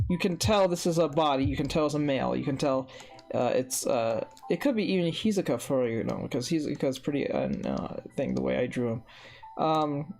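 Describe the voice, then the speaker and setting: A young man with a stuffy, congested voice, rambling to himself as he talks viewers through a live drawing tutorial. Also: a little high. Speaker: digital art streamer.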